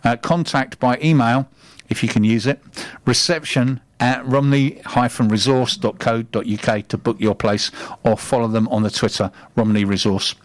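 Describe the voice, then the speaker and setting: A man's voice: medium pitch, steady tone, moderate pace. A man hosting a casual local radio show, reading out listener tweets with jokey asides and stumbling restarts.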